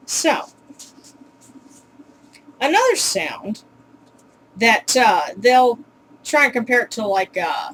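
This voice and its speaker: A woman's voice: medium pitch, lively intonation, slow pace, long pauses, a bit bright, a little hiss or hum, low-quality recording. A woman casually teaching pronunciation in a home video, chatty and full of ums, with wry, exasperated asides. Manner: chatty, with many ums and uhs.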